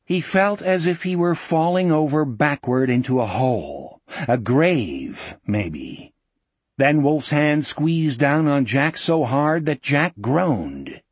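A man narrating an audiobook in a measured, vivid storytelling manner. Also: fairly high pitch, very animated, husky, dry recording.

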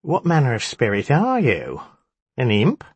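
A man's voice: mid-range voice, huge pitch swings, a little slow, slightly rough, no echo, voice pushed up, exaggerated voice. A man voicing an impatient, pompous male jinn who speaks in a haughty, mocking, commanding way.

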